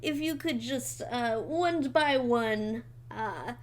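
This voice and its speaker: A woman voicing a gentle female fish-person seamstress with a soft, slow, lilting accent. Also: on the high side. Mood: polite.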